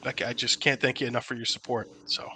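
A man's voice: medium pitch, flat delivery, fast talker, sharp tone, a little hiss or hum. A man co-hosting a podcast, speaking bluntly and emphatically with frequent fillers. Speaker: podcast co-host. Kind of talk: casual political chat.

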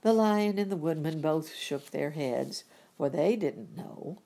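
Woman reading a storybook, husky, gravelly, low voice, gentle unhurried pace. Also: expressive. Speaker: reader. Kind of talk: storybook narration.

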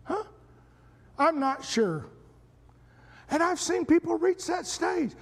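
Man preaching, very high voice, slow deliberate delivery, fervent shouting peaks, long church reverb. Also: expressive. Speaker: pastor. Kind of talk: preaching sermon. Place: church sanctuary.

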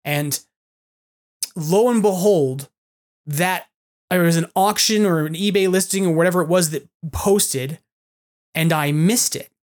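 Guy hosting a podcast over a video call, rambly and excitable, laughs a lot. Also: sits high, measured pace, long pauses. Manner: excitable, rambling storyteller who laughs often. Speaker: podcast host. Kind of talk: casual chat.

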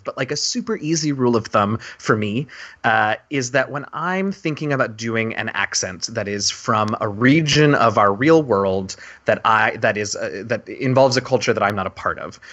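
A man co-hosting a casual podcast about running tabletop games, talking in an earnest, animated way with lots of fillers and restarts. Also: medium pitch, lo-fi sound. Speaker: podcast co-host. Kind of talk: casual discussion about tabletop game mastering.

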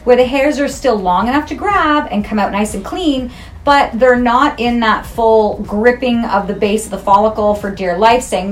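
A woman's voice: a little high, moderate pace, soft background music. A middle-aged woman esthetician, talking frankly and jokingly in a casual interview. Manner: frank, jokey and chatty.

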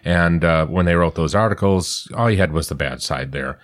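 A man's voice: low voice, moderate pace. A man in his sixties discussing healthcare quality in an earnest, emphatic way, often repeating his points. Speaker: podcast host on surgery center quality. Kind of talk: conversational discussion.

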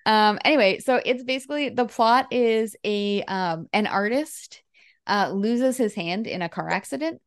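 Medium-pitched and smooth, this co-host speaks at normal speed on a laid-back movie podcast, captured in a dry, clean studio recording. Her chat wanders, with frequent laughter, plenty of fillers, and many restarts.

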